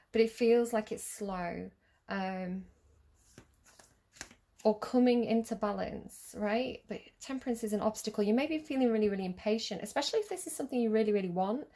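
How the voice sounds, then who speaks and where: Woman tarot reader, casual, chatty, giggly, mid-pitched, lots of ums. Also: a little mellow. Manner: chatty, giggly, rambling with many fillers.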